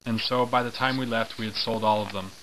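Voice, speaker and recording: A man casually reading aloud from a wartime memoir, halting and correcting himself, with chatty asides. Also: on the low side, fairly even intonation, a bit bright, slight background noise, poor audio. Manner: informal, halting, with fillers and self-corrections. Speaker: reader of a memoir.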